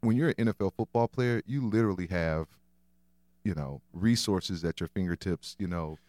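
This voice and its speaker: A man's voice: low-pitched, normal speed, darkish tone, dry recording, studio quality. A former football player chatting as a podcast guest, hesitant and repeating his words, with many "you know"s. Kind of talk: casual interview chat. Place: warm podcast studio.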